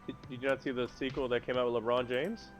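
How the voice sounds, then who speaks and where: A man chatting casually on a live stream, rambling excitably about movies with big jumps in pitch and loudness. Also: fast talker, music in the background. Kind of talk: casual chat.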